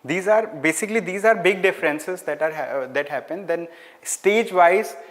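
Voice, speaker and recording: A male teacher lectures a class at normal speed in a slightly high, fairly bright voice with an Indian English accent. He repeats key words and mixes in Hindi phrases, while a long hall-like reverb and the scratch of board writing sit under his talk.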